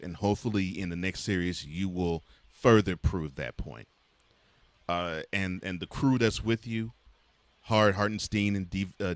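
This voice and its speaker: A man with a very low voice, recorded dry and close, co-hosting a basketball talk show. He speaks to the players directly, earnest and full of praise. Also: no echo. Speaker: co-host. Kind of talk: casual sports talk.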